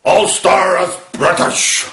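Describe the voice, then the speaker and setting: A man voicing a fiery, booming older preacher-politician in a declamatory manner, with a Northern Irish accent. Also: steady tone, slow, bright, forceful tone, echoey room, exaggerated voice.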